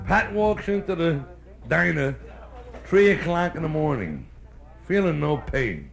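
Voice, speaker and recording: A male stand-up comedian with a Brooklyn accent, telling jokes live on a club stage and slipping into quick character voices. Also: fairly high pitch, very animated, vocal fry, music in the background. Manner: brash storyteller doing quick character voices. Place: hotel nightclub stage. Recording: live club recording with faint noise. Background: audience laughter.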